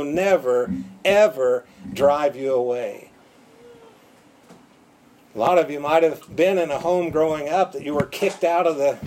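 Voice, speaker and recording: Male preacher, slightly high voice, emphatic and repetitive, light room noise. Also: a little mellow, poor audio. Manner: emphatic, repeats words for stress. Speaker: pastor. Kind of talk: sermon.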